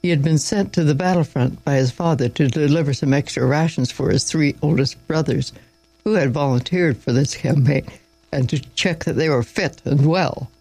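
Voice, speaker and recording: A man reads a Bible story aloud in a loose, informal manner, stumbling now and then and correcting himself. His voice is a bit high for a man, with a gravelly edge. The sound is dry and close, with faint music underneath. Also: moderate pace, a little mellow, dry recording, rough recording. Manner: informal, with slips and asides.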